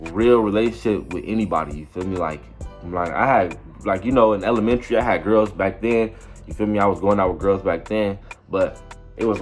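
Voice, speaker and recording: A young man telling a story in a casual, rambling way, full of slang and repeating "you feel me". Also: low voice. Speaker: vlogger.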